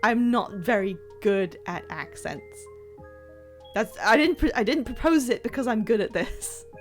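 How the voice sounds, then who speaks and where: A woman chatting casually on a live stream while playing a game, excitable and self-deprecating, rambling from one thought to the next. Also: fairly high pitch, a little slow, faint music behind. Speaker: livestreamer playing a video game.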